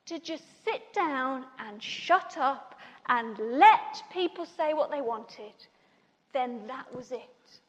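A woman preaching a sermon, telling a personal story with animated, acted-out dialogue. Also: very high-pitched. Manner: animated storytelling, acting out others' lines. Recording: long reverb in a large hall.

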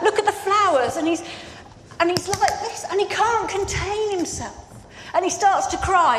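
A woman's voice: high-pitched, a little hiss or hum. A woman preacher giving a sermon, telling a story earnestly and repeating phrases for emphasis. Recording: echoey hall with faint ambience.

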